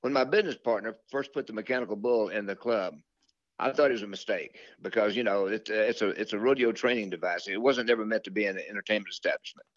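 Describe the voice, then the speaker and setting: A man's voice: lowish voice, quick pace, dry recording, lo-fi sound. Older man telling career stories. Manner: rambling, many fillers and restarts. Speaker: country singer, interview guest. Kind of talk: relaxed storytelling interview.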